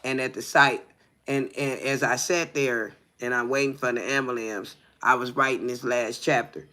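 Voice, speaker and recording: A man's voice: mid-range voice, steady tone, normal speed, bright, forceful tone. A man co-hosting a livestream, reading a text aloud with stumbles and breaking off to ask the listener "you hear me". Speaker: livestream co-host.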